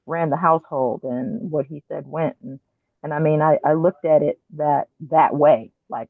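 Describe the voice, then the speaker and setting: A woman guest telling her story candidly and earnestly, acting out her own past words with animated asides, heard over a phone or call line. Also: sits low, unhurried, no room sound. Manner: earnest, reflective, quotes herself with animated asides. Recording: tinny dry phone line.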